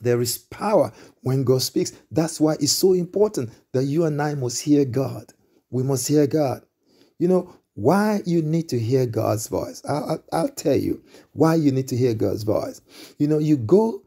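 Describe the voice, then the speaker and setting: A man preaching a sermon with a warm, mellow voice. He builds his points through repeated refrains and stumbles into restarts. He breaks out in emphatic exclamations between them. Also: medium pitch, expressive, unhurried, breathy edge. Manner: repetitive preaching cadence with stammered restarts. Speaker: pastor.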